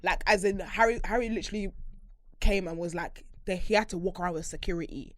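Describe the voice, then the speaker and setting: Animated young woman, dry sound. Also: lowish voice, quick pace, no room sound. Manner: animated, emphatic, swears freely. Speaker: podcast co-host. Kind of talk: casual chat.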